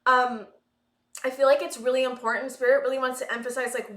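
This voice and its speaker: Breathless, bright-voiced woman reading tarot. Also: high voice, little pitch movement, brisk, echoey room. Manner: rambling, searching for words, many fillers and sighs. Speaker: tarot reader. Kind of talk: collective tarot reading to camera.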